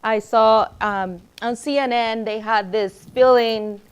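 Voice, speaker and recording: A middle-aged woman educator speaking to a room of teachers in a slightly higher voice. She tells classroom anecdotes with lively energy, acting out the people she quotes. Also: slow, clean tone. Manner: lively storyteller who acts out quoted voices. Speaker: educator presenting at a teacher training. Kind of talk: presentation to teachers.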